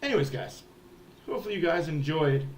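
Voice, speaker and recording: A man's voice: a little high, expressive, fairly quick, a little hiss or hum. A man hosting a hockey fan livestream, ranting in a heated, profane way. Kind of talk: ranting sports livestream talk.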